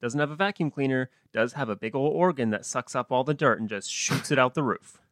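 A man's voice: mid-range voice, fairly quick, a bit bright, no room sound, clean studio sound. A man co-hosting a comedy podcast, riffing playfully on silly ideas and laughing often. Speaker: podcast co-host. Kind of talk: comedic brainstorming chat.

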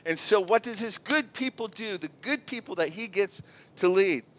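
A male pastor preaching a sermon, telling stories with animated delivery and acting out voices. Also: high voice, normal speed, slight background noise. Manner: animated storytelling, acts out voices.

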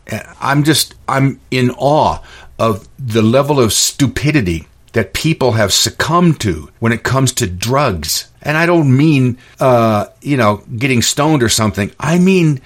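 A man's voice: medium pitch, very animated, moderate pace. A middle-aged man and store owner ranting in a monologue on his own show, indignant and stumbling over restarts. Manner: indignant, repetitive, stammering restarts. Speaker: podcast host and store owner.

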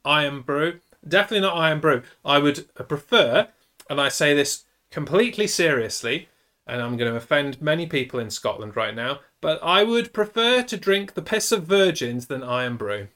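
A man's voice: fairly high pitch, expressive, normal speed, pushed and bright. A man, co-hosting a livestream in casual, crude, joking banter. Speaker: stream co-host. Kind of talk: casual chat.

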